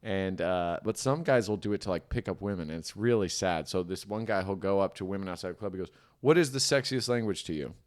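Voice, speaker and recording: A man's voice: sits low, quick pace, hardly any pauses, a little mellow, smooth. A young man co-hosting a comedy podcast, chatting casually and rambling with lots of "like.". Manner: rambling, heavy use of "like". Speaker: podcast co-host.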